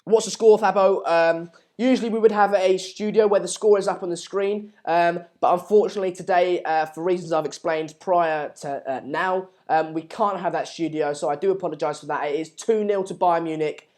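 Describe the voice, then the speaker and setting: Young man, fairly high voice, stream host, casual chat, halting delivery. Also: fairly even intonation, darkish tone. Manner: hesitant, rambling, many fillers and restarts. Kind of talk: casual live-stream chat reading viewer comments.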